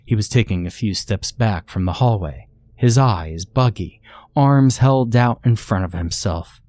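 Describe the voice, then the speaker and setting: Low-voiced man narrating a horror story. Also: no echo. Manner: measured, steady storytelling.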